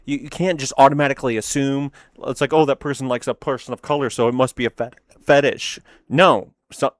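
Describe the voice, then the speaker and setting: Guy rambling through memes, laughs a lot, mid pitch, dead dry mic. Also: dry recording. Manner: rambling, laughs often, self-deprecating. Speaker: host reacting to memes. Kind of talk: casual reaction commentary.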